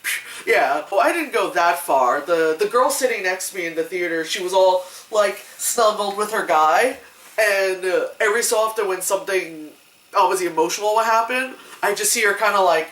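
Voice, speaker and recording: A woman reviewing a movie in casual chat, animated and laughing often, acting out other people's voices. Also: mid-range voice, moderate pace. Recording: echoey room, mic at a distance.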